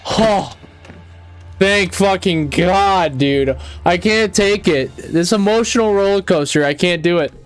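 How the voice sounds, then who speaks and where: A young man hosting a reaction video, excitable and emotional, swearing often. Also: high-pitched, slow, soft background music. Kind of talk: reaction commentary.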